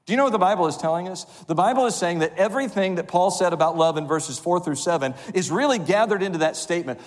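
A man's voice: high voice, animated. Man preaching in a reverberant church. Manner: preaches with call-and-response, slowing on scripture. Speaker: pastor. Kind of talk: sermon. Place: church sanctuary. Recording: long hall reverb.

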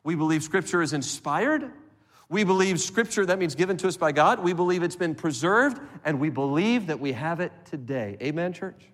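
A man preaching a sermon as pastor, animated and acting out little scenes for the congregation. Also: on the high side, moderate pace. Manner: animated preaching with acted-out voices. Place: church sanctuary. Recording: long reverb of a church hall.

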